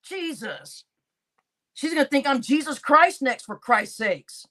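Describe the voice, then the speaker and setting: This livestream host, an adult woman, chats with her audience in a high voice at a measured pace. Animated and laughing frequently, she swears while going through comments and calls everyone "y'all."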